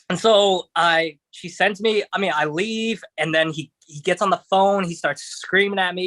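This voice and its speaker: A man's voice: high voice, normal speed, hardly any pauses, fairly bright tone, no echo. A man talking as a podcast guest, telling a story casually with many fillers and restarts. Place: podcast studio.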